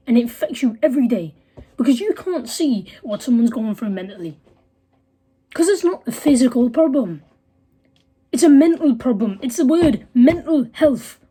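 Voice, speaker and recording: A fired-up girl in her late teens vents straight into the camera, blunt and full of swearing. Her voice sits a little high, yet with a soft, mellow tone. She keeps pushing her point hard. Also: slightly rough. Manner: heated, blunt, swears often. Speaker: vlogger. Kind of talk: angry profane rant.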